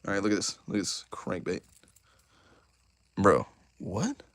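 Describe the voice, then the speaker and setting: A young man hosting a casual live stream, excitable and chatty, talking straight to his chat. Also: sits low, unhurried, no room sound. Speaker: YouTuber host of a live stream.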